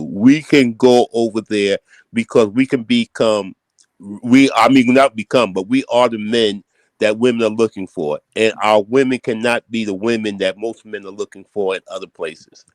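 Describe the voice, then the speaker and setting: A man's voice: lowish voice, fairly even intonation, moderate pace, no echo, rough recording. A man on a livestream panel insisting on his point, repeating himself with restarts. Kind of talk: opinionated livestream talk.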